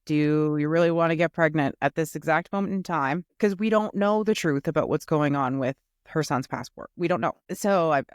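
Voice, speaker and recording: A woman's voice: deep voice, moderate pace, few pauses, no echo. Skeptical woman co-host, dry close sound. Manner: skeptical, animated retelling with quoted asides. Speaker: recap podcast co-host. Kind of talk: casual chat reviewing a reality show.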